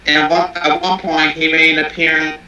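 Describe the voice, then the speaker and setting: Male co-host, animated storyteller, bright tone, roomy sound. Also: a little high, fairly quick, recorded from a distance, dull audio, a little hiss or hum. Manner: animated, profane, acts out quotes. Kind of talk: casual chat, storytelling. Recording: echoey room, faint music behind.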